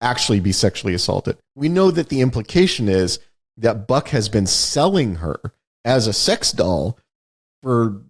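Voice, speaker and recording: A man's voice: on the low side, big pitch swings, normal speed. A man co-hosting a podcast, casually explaining themes in films with frequent restarts. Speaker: podcast co-host. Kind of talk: casual film discussion.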